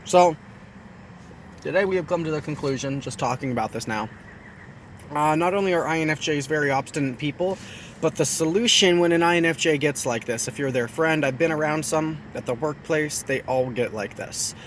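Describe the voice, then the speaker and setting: A man's voice: on the high side, moderate pace, a bit bright, a little hiss or hum. A man hosting a casual video talk with his partner. He is chatty and pokes fun at himself, and he explains his points by repeating phrases. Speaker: video host.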